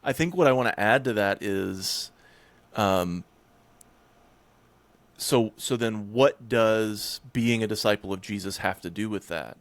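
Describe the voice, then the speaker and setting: A man's voice: fairly low pitch, measured pace, no room sound. A man hosting a podcast, thinking aloud in a hesitant way with frequent restarts. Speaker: podcast host. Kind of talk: conversational theological discussion.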